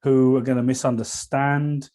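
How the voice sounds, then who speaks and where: A man's voice: mid-range voice, flat delivery, moderate pace, darkish tone. A man co-hosting a casual podcast chat about martial arts, teasing his partner and rambling with many fillers. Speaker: podcast co-host.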